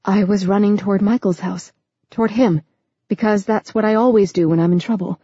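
A woman's voice: mid-range voice, steady tone, brisk, dark tone, husky, no echo, lo-fi sound, natural voice. A woman narrator voicing an anxious young woman who speaks in a hesitant, strained way.

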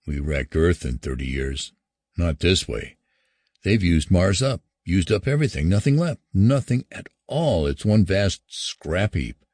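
A man's voice: low voice, animated, measured pace, darkish tone, dry recording, studio quality. A man reading the lines of a grim, fearful male expedition leader. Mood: bleak. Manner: demanding, bleak.

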